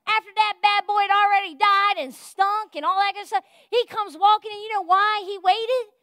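A woman pastor delivers a fervent, folksy sermon with a very high voice. She swings between loud calls to the congregation and soft, confiding asides. The sound is close and dry, with no room echo. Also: fairly even intonation, normal speed. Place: church.

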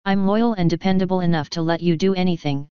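A woman's voice: on the low side, quick pace, smooth, no echo, lightly acted. A woman reading the part of a meek, loyal female servant who keeps apologizing, on a dull, dry recording. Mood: devoted.

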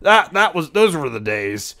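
A man voicing a brash, hot-headed male echidna in a live-stream role-play, rambling, stammering and crude, quick to yell. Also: fairly high pitch, sing-song, heavily acted. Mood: rambling banter.

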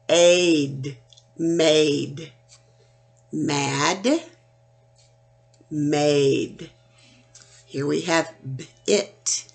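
Slow, gravelly-voiced woman teacher. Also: fairly low pitch. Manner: slow, deliberate, sounding out letters one by one. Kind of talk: children's phonics lesson.

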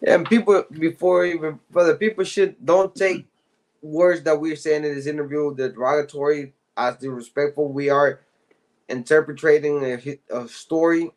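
A man hosting an interview, asking questions and addressing viewers in an earnest, halting way with loose grammar. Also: on the high side, fairly even intonation. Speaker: interview host.

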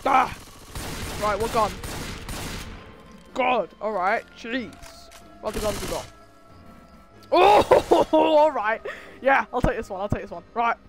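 A woman voicing a brash, violent male cartoon bear who gives loud, mocking let's play commentary and laughs often. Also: a little high. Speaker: gamer. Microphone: headset.

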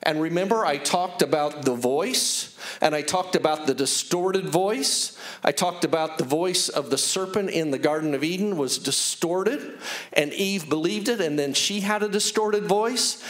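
A male pastor preaching an animated sermon, telling personal stories and acting out the dialogue he retells. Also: a little high, unhurried. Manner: earnest, personal testimony.

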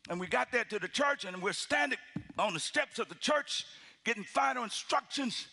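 A middle-aged man preaches with a strikingly high, bright, cutting voice that has a husky, breathy grain. He tells his story like a performance, acting out the people in it and swinging from loud shouts to hushed near-whispers. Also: normal speed. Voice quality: husky, animated delivery with acted-out voices. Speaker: pastor. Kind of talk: storytelling sermon.

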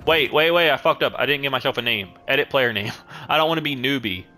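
A young man giving casual let's-play commentary, excitable, swearing and laughing often. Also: medium pitch, fast, soft background music. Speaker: gaming YouTuber.

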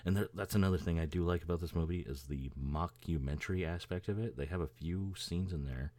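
A man's voice: low voice, fairly quick, darkish tone. A man hosting a podcast in casual, rambling chat, swearing freely and chuckling as he talks. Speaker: podcast host.

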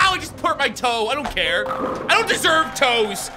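A man giving casual gaming commentary, excitable, often shouting and swearing in frustration. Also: very high-pitched, brisk, faint music behind. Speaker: gaming YouTuber.

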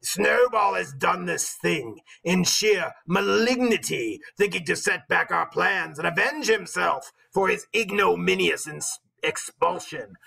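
A man's voice: high-pitched, animated, unhurried, vocal fry, hardly any pauses, sharp tone, husky, pitched above the performer's own voice, exaggerated voice, poor audio. A man voicing a domineering male pig leader who gives commanding, roaring speeches.

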